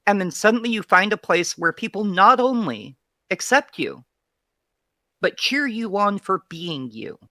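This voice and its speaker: Guest chatting bluntly, bright sharp tone, dry mic. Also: medium pitch, very animated, measured pace, no room sound. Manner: frank and blunt, talks in long runs. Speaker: interview guest. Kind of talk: casual interview chat.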